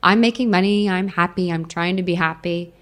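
A woman's voice: on the low side, a little fast, fairly bright tone. A young adult woman giving an emotional personal testimony to an audience, repeating phrases for emphasis.

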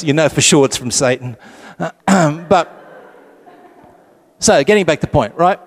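A man leading a Catholic Bible study group, reading passages slowly and adding joking asides. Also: on the high side. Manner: lively, joking asides, reads scripture slowly.

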